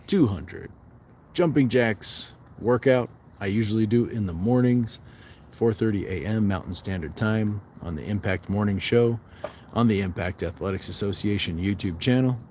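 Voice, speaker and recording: A man's voice: fairly low pitch, darkish tone, a little hiss or hum. A man hosting a fitness livestream, chatting casually outdoors at night while resting on a walk and reading viewer comments aloud.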